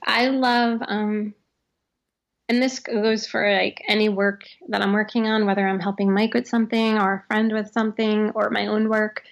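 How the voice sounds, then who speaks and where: The author being interviewed here is a woman in her thirties whose mid-range voice stays level, with vocal fry, at a moderate pace. Her reflective answers are full of "like," false starts, and frequent laughter, captured in dull-sounding audio.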